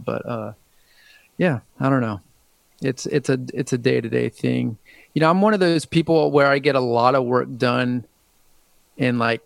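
A man's voice: mid-range voice, creaky, dry recording. A man in his thirties, a musician guest in a casual interview, talking in a hesitant, rambling way with many restarts. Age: 30s.

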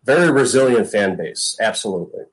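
A middle-aged man with a very low voice recounts his football days in a relaxed interview. His talk rambles along with plenty of fillers, and he acts out what others said to him. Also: brisk, breathy edge, rough recording. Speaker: guest, former pro football punter. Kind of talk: casual storytelling interview.

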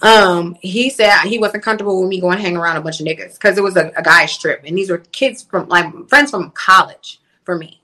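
A young adult woman, an interview guest, telling a story in a candid, profane and animated way. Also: lowish voice, fairly quick, hardly any pauses. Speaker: interview guest, livestream influencer. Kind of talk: casual storytelling.

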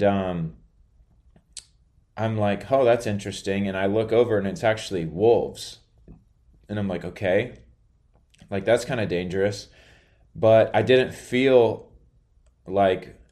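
A man's voice: low-pitched, darkish tone. A man podcaster telling a story in a casual monologue, rambling and hesitant, drowsy after a nap. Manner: rambling, hesitant, many filler words.

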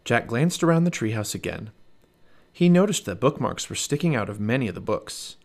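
A man in his thirties reading a children's book aloud as a podcast storyteller, expressive and animated. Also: medium pitch, normal speed.

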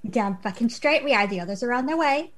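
A woman's voice: a little high, expressive, quick pace, a crowd in the background. A woman playing in a tabletop role-playing game, bold and playfully stern. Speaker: player. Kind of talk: casual tabletop play.

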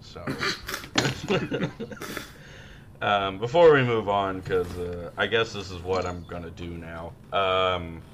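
A man co-hosting a podcast in casual chat, rowdy and profane, who shouts when acting out his stories. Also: low voice, takes it slowly, long pauses, background noise. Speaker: podcast co-host.

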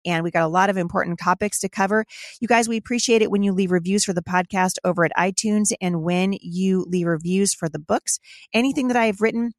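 A woman's voice: medium pitch, a little fast, no room sound. A woman in her forties hosting a podcast from her home studio, answering listener questions in an emphatic, opinionated monologue that keeps addressing listeners as "you guys". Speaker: podcast host.

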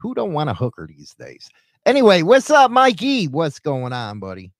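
A man from Chicago hosts a casual radio show in a lively, bouncing voice that jumps between loud bursts and low mutters. He rambles crudely and jokes around. The sound is dry and close to the mic. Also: normal speed, no echo.

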